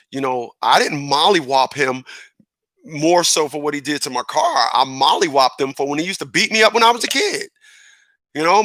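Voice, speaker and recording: A man hosting a casual radio talk show, animated and rambling, correcting himself and chuckling as he goes. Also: medium pitch, dry recording.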